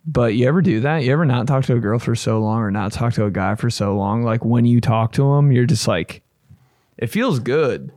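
A young man hosting a podcast, chatting casually in a loose, profane, rambling way with bursts of excitement. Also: mid-range voice, normal speed, no room sound, clean studio sound. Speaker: podcast host. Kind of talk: casual chat.

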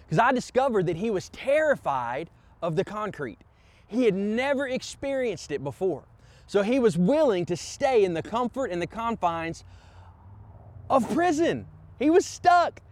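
Male pastor, fervent sermon delivery, high-pitched, dry close sound. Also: a little mellow, dry recording. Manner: impassioned preaching, repeated "come on" calls to the congregation.

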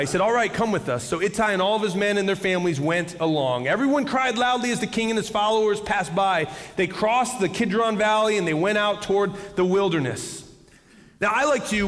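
A man preaching a sermon as pastor, telling stories with lively swings between excited high bursts and quiet low asides. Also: big-room sound. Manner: animated storytelling, jumps high when excited.

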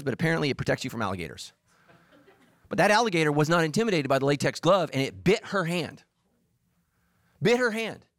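Animated male pastor, lively delivery. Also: high-pitched, no room sound, studio quality. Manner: animated, acts out voices and quotes. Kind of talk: humorous sermon.

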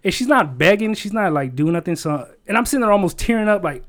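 A man's voice: high-pitched, animated, quick pace, a bit bright. A man in casual chat, telling a long rambling story with lots of swearing, fillers and emotion.

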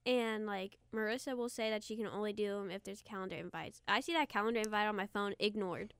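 Smooth-voiced young woman chatting. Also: mid-range voice, quick pace, a bit bright, no room sound. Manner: chatty, rambling, uses slang. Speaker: podcast co-host. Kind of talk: casual chat.

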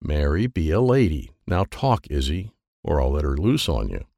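A frantic, questioning aunt in a children's storybook, put on by a male reader. The voice swings widely and carries a gravelly grain. The recording is close and dry. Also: very deep voice, big pitch swings, normal speed, dark tone, dry recording, pitched below the performer's own voice, exaggerated voice. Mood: stern. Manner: anxious, questioning. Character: frantic middle-aged woman, the aunt. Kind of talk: audiobook character voice.

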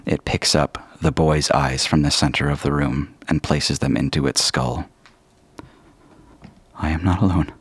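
A man narrating a tabletop game as game master in a measured, descriptive way, with a husky voice. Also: extremely low pitch, level tone.

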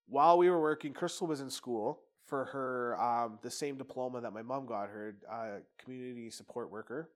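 A man's voice: mid-range voice, moderate pace, hardly any pauses. Candid, swearing man telling a story. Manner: rambling, profane, candid. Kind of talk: casual personal storytelling.

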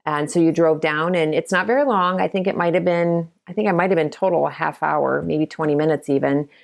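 A middle-aged Ohio woman who works as a realtor and broker tells stories in a casual, conversational interview. Her voice is low and gravelly, a little fast, with fairly even intonation. She's chatty and acts out the quotes as she goes.

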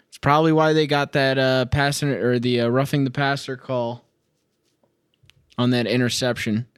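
A man's voice: mid-range voice, flat delivery, normal speed, clean tone, no room sound. Man, young, podcast host, sarcastic, profane, exasperated, dry close mic. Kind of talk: solo sports reaction rant.

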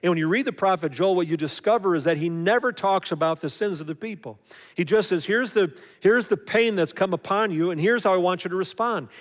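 A man preaching a conversational sermon as a pastor, briefly acting out the voices of the people he quotes. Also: sits high. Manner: conversational, acts out voices of others. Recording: long hall reverb.

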